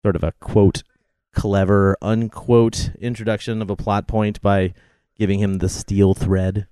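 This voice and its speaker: A man's voice: on the low side, steady tone, measured pace, warm tone, clean tone, dry recording, clean studio sound. A man co-hosting a film commentary, chatting wryly and packing in trivia. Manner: knowledgeable, wry, trivia-heavy. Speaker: podcast co-host.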